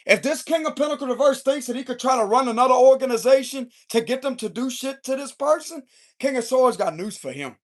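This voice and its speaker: A man's voice: extremely high pitch, expressive, fast. A man giving an unscripted tarot reading in a heated, confrontational and profane way. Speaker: tarot reader.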